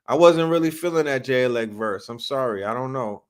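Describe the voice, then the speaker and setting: A man's voice: medium pitch, expressive, fairly quick, smooth. A man from New York hosting a casual livestream, talking hip hop in loose slang and reacting to comments from chat. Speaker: livestream host.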